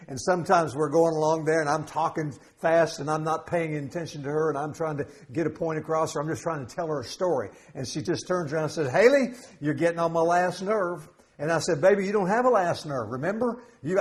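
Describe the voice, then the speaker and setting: A middle-aged man preaching a sermon as pastor, conversational and humorous, with jokes and asides. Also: on the high side. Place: church sanctuary.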